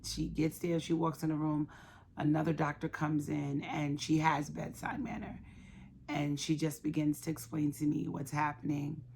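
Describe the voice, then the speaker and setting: A woman in her thirties telling a personal story of loss, soft-spoken and halting, with many pauses. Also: deep voice, gravelly, slight background noise. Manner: emotional, quietly reliving a loss. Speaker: guest sharing her story.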